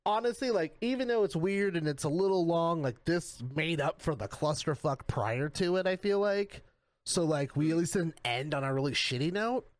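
A man with a slightly high voice chats on a podcast, full of fillers and casual swearing. The sound is dry and close. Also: lively intonation, moderate pace, dry recording. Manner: loose, filler-heavy, swearing. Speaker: podcast co-host. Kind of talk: casual chat.

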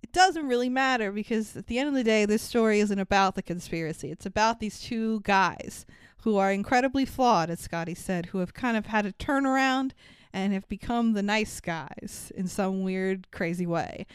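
A woman co-hosting a podcast, casually recapping a movie in animated talk, swearing freely and acting out lines. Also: medium pitch, normal speed, smooth, dry recording, clean studio sound. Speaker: podcast co-host.

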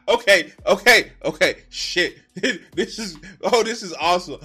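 A high, bright male voice that swings wildly up and down as he reacts on stream. He swears freely and gets worked up in an excitable, giggly way. Faint music sits underneath. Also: unhurried, husky. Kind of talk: profane live-stream reaction commentary.

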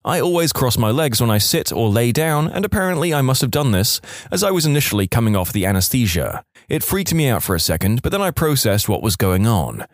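A man narrating online stories aloud with wry, expressive storytelling. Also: medium pitch, fairly quick, no echo, studio quality.

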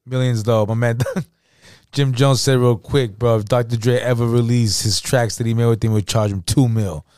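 A man's voice: mid-range voice, normal speed, smooth, no echo, studio quality. A man co-hosting a podcast, telling stories casually and acting out the quotes with profanity and slang. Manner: animated anecdote-telling, acts out quotes. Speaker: podcast co-host. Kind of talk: casual storytelling chat.

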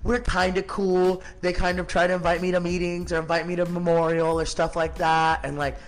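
A man's voice: sits high, little pitch movement, brisk, soft background music. A man in his thirties, a podcast guest telling his story in a blunt, profane, casual way, full of filler words. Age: 30s.

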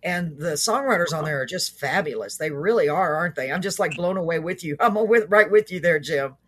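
A woman hosting a casual podcast chat, talking quickly with bubbly enthusiasm. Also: sits low, lively intonation, a bit bright, husky. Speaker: podcast host.

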